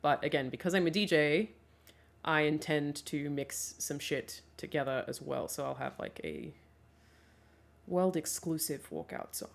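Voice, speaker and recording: A young woman with a slightly low voice chats with her stream from a home setup. She is loose and chatty, laughs a lot and swears casually. She talks into a desk mic by her webcam. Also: animated, unhurried, creaky. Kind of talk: casual livestream chat.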